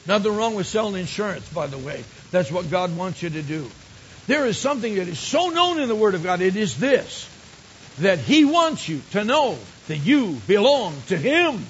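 An older man with a fairly high voice preaches a storytelling sermon, building his points up to emphatic exclamations. The recording is dull and lo-fi, with a faint hiss underneath. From Michigan.

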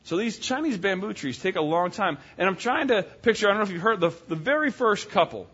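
A man preaching a sermon, telling a folksy story in an animated way and voicing its characters. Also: high voice, fairly quick, breathy edge. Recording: dull lo-fi sound.

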